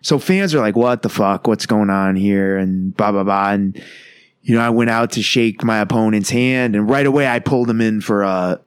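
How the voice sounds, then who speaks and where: A man's voice: on the low side, normal speed, clean tone, no room sound, clean studio sound. A man in his thirties, a pro wrestler, telling a rambling, profane story in a casual interview and acting out the quotes.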